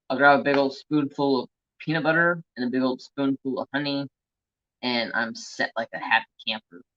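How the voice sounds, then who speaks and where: A man's voice: mid-range voice, a bit bright. A man from the United States hosting a crafting channel, chatting casually on a live stream, telling stories and reading out viewer comments. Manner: chatty storyteller, reads viewer comments aloud. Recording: dull lo-fi sound.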